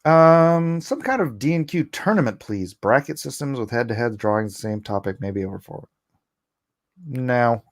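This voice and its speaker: A man hosting a casual livestream, chuckling often and reading chat aloud, a little hoarse after coughing. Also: medium pitch, lively intonation, moderate pace. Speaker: livestream host.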